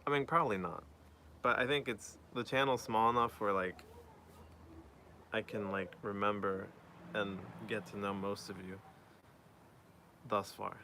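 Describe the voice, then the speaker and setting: A man's voice: fairly low pitch, fairly even intonation, unhurried, pauses often, pushed and bright, slight background noise. A man chatting casually on a live stream, reading out viewer messages and answering them.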